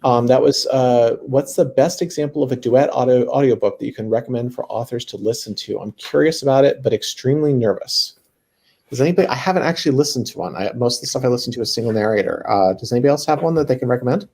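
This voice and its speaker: A man's voice: medium pitch, quick pace, darkish tone, husky. Joking man moderating a video panel. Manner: friendly, joking, fills with fillers. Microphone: video call.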